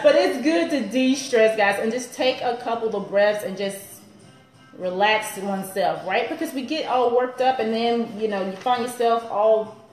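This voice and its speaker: A woman's voice: on the high side, normal speed, reverberant, soft background music, rough recording. A woman personal trainer in her thirties, chatting upbeat on a live stream to viewers and laughing often.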